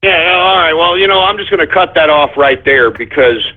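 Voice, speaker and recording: Male radio host, high husky voice, profane ranter, tinny phone-line sound. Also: lively intonation, normal speed. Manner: profane, ranting, repeats himself. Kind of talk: talk radio rant.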